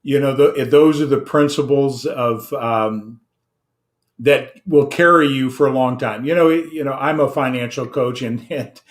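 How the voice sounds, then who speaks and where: A man's voice: medium pitch, a little slow. A man hosting an interview as a financial coach, summing up his guest's points in an earnest, reflective way with repeated phrases and fillers.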